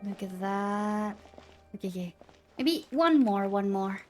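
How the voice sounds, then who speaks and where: A woman's voice: medium pitch, animated, takes it slowly, a little mellow, soft background music. A woman streaming a game, chatting casually with frequent giggles and stammering restarts. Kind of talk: casual gameplay commentary.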